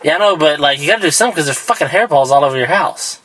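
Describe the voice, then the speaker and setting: A man's voice: on the high side, animated, rapid-fire, fairly bright tone, breathy edge, no room sound, rough recording. A man co-hosting a podcast, chatting loosely with crude jokes and frequent laughter. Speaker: podcast co-host. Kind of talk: casual chat.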